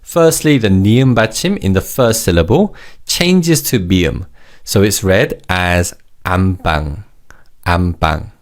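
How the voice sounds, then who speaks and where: A man teaching a language lesson in a clear, encouraging way, modelling words for the listener to repeat. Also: lowish voice, sing-song, moderate pace.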